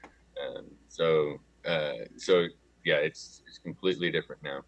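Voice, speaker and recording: A man's voice: a bass voice, fairly even intonation, a little slow, muffled recording. A man from the United States, a guest on a casual livestream chat, easygoing and laughing often. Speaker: guest, project founder.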